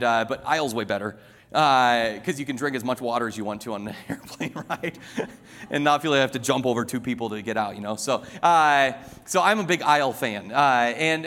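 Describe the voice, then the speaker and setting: Emphatic preacher in a reverberant hall. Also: male voice, medium pitch, a bit bright. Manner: emphatic, repetitive, tells illustrations. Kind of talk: sermon.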